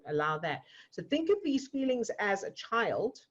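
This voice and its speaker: A woman guiding a client through an emotional coaching exercise, gentle and explaining step by step. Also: medium pitch, very animated, moderate pace, muffled recording. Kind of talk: live online coaching session. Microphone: video call.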